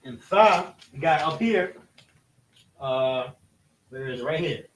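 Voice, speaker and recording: A man with a fairly high voice teaches a scripture lesson, halting and restarting as he points things out on a board. He is recorded from across an echoey room, so his voice sounds distant. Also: animated, a little hiss or hum. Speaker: religious teacher. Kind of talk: classroom-style scripture lesson.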